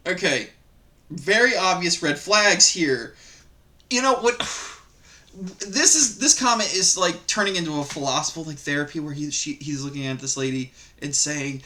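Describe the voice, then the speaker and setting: A man hosts a reaction video, ranting casually and profanely about online stories in a rambling, animated way. His voice is on the high side and he talks at normal speed.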